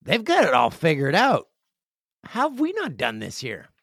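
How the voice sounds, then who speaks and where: A man's voice: wildly swooping pitch, moderate pace, gravelly, husky, dry recording, clean studio sound. A man hosting his podcast in a casual, jokey chat, reading emails and acting out friends' reactions. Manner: chatty, jokey, acts out friends in loud high voices. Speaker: podcast host. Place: home studio with stairs nearby.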